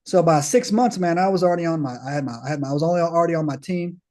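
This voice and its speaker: Slangy storytelling man, fairly high voice. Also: rapid-fire. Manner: slangy, peppers talk with "man", "bro", "right?"; animated, acts out others' dialogue. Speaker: podcast guest. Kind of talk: casual storytelling.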